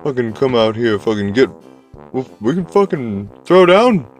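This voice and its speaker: A man's voice: medium pitch, big pitch swings, normal speed, soft background music, close to an everyday voice. A man putting on the voice of a belligerent, foul-mouthed street-tough Santa who trash-talks and picks fights. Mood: aggressive trash talk. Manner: swaggering, profane, trash-talking.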